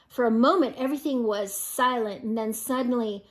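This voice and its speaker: A woman's voice: a little high, normal speed. An older woman reading a picture book aloud to children, amused and breaking in with chatty asides. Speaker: storyteller.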